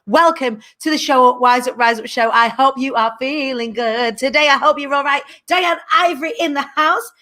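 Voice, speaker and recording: A woman's voice: a little high, fairly bright tone. Bubbly, chatty woman host. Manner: bubbly, chatty, playful, laughs often. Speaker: host of a live show. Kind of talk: live-stream chat with viewers.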